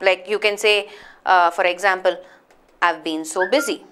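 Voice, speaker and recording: A woman's voice: on the low side, fairly even intonation, normal speed, fairly bright tone, clear, resonant tone. A woman teaching a live grammar class, explaining patiently and checking that students follow.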